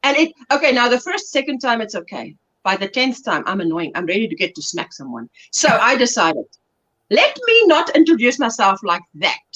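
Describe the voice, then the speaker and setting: Chatty South African woman, lively high voice. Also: normal speed, lo-fi sound. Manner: chatty, laughing, reads viewer comments aloud. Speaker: livestream host. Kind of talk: casual chat while crafting.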